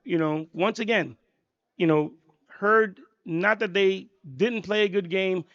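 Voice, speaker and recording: A man's voice: sits high, slow pace, a bit bright, no room sound, dull audio. A man giving color commentary on a live football game, rambling with many "you know" fillers.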